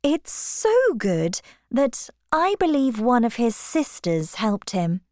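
A woman voicing a composed young gentlewoman who speaks in a measured, careful way. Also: a little high, very animated, dry recording, clean studio sound, voice pushed up.

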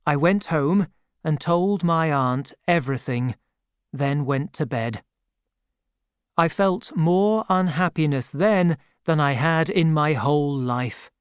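Slow, clear male storybook narrator. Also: a little high, no echo, clean studio sound. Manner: slow, careful reading with mild character voicing. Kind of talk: scripted audiobook narration.

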